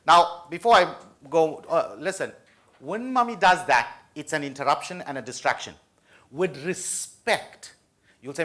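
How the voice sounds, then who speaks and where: A man giving school students a lively study-skills talk, playful and often asking the audience questions. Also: a little high, a little slow. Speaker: motivational study-skills speaker.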